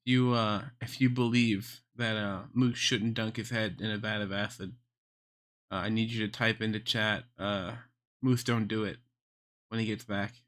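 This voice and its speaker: A man's voice: fairly low pitch, moderate pace. Rambling joking man on a stream. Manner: rambling, swears, deadpan absurd humor. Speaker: livestreamer.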